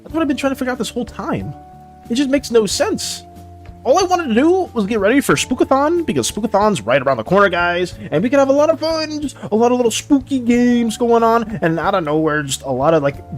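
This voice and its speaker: A man's voice: sits high, animated, a little fast, faint music behind. A man streaming while drawing, chatting casually with his audience in a dramatic, playful way and laughing often. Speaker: art streamer. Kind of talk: casual live-stream chat.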